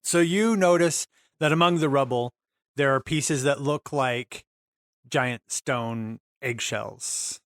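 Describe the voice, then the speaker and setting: A man's voice: medium pitch, takes it slowly, fairly bright tone, no echo, studio quality. A man running a tabletop game as game master, narrating scenes and laughing often.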